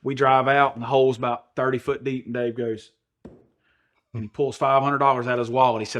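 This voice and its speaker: A man's voice: medium pitch, level tone, brisk, a bit bright. A middle-aged man with a Southern US drawl. He tells a rowdy, profane story as a podcast co-host and slips into the voices of the people he quotes. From American South. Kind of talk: animated storytelling.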